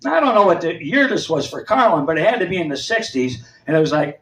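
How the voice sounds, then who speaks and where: An older male stand-up comic in his seventies, spinning rambling stories with a high, swooping voice. He picks up the quoted voices of the people in his tales. The sound is roomy and distant, caught from across a club. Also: very animated, fast talker, few pauses, fairly bright tone. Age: 70s. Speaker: stand-up comedian. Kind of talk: stand-up storytelling. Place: comedy club stage.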